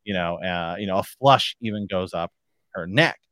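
A man's voice: low voice, moderate pace, fairly bright tone, no echo. A man hosting a podcast, chatting casually and reading book passages aloud, rambling with lots of filler phrases. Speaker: podcast host.

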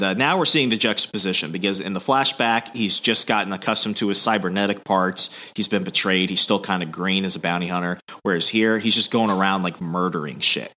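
A man with a lowish but bright, forceful voice talks through a comic story in a loose podcast chat. He is casual, full of fillers, and swears freely. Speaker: podcast host.

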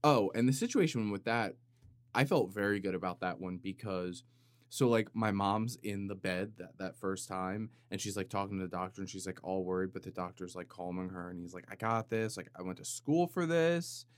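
A deep-voiced man with fairly even intonation hosts a podcast at a brisk clip. He rambles through a casual comedic monologue, cutting himself off and piling on jokes with dramatic mock seriousness, captured with clean studio sound on a compressed studio mic and no room sound.

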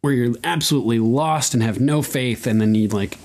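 A man casually recapping a TV episode on a podcast, with loose, profane asides, laughs, and quick acted-out quotes. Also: mid-range voice, a little mellow. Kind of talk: casual chat.

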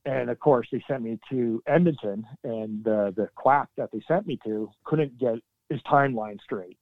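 Middle-aged man, ex-soldier guest, candid and halting, dry narrow phone-like audio. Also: mid-range voice, no echo. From Canada. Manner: earnest, halting, with sudden emphatic bursts. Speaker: military veteran guest. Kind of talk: candid interview storytelling. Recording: dry, tinny phone-like line.

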